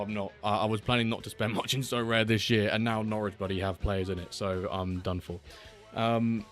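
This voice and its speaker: A man hosts a live watchalong in a relaxed, rambling way, chatting to viewers and reading their messages aloud. His voice sits on the low side. Quiet guitar music plays in the background. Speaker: streamer hosting a watchalong. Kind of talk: casual live-stream chat. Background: faint background music.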